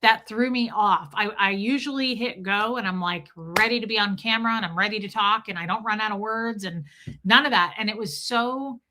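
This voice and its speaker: A woman's voice: mid-range voice, normal speed, sharp tone. A woman hosting a casual livestream, chatting emotionally and reading out viewer comments, with frequent restarts.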